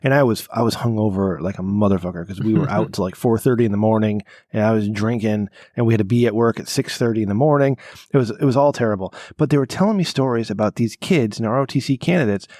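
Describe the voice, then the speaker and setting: A man's voice: fairly low pitch, fast talker, a little mellow, no echo, studio quality. A man in his forties co-hosting a casual podcast, telling stories with crude jokes and plenty of swearing. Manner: crude, profane joking storyteller. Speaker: podcast co-host.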